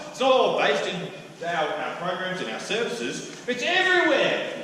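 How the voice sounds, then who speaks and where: An Australian man preaching a lively, jokey sermon in a church hall. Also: sits high. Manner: animated, jokey, acts out the master's lines. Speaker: pastor. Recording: echoey hall, mic from a distance, faint room hum.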